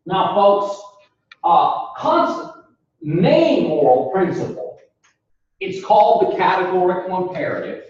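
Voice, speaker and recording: A man lecturing a philosophy class, deliberate and explanatory, calling the students folks and quizzing them as he goes. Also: high voice, big pitch swings, a little mellow. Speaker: philosophy instructor. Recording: echoey classroom recorded from far off, dull lo-fi sound.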